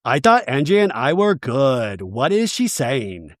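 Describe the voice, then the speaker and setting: A man quoting an upset, defensive reality-show woman in his own voice, a little lower and hurt-sounding. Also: sing-song, a little slow, dry recording, studio quality.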